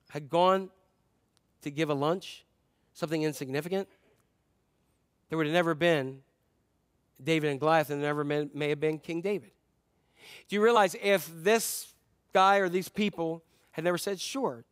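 High-voiced pastor, animated sermon. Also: male voice, no echo, clean studio sound. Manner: animated storytelling, acting out scenes with playful humor.

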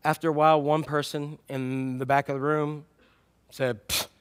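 A man's voice: on the high side, little pitch movement, normal speed, clear, resonant tone. A male pastor telling stories in a sermon, acting out the animals in the tale. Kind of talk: sermon storytelling.

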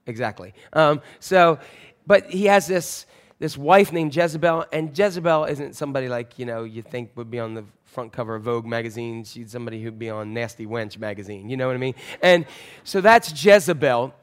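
A male pastor giving a sermon in a church, telling a Bible story in a jokey, self-mocking, animated way on a wireless mic. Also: medium pitch, fairly quick, smooth.

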